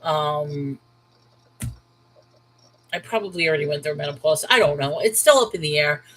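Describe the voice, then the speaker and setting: Her voice is low and a bit bright, moving at a moderate pace over poor audio with a little hiss or hum. She's a thirtysomething New Yorker with a Brooklyn accent, running a casual Bible livestream where she talks frankly and emphatically with viewers she calls by name.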